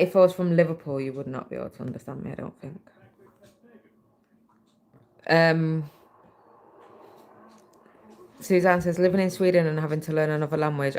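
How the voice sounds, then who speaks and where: A woman's voice: sits low, vocal fry, darkish tone. A British woman hosting a casual livestream, chatting away and reading viewer comments aloud while she stitches, into a laptop mic. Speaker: livestream host.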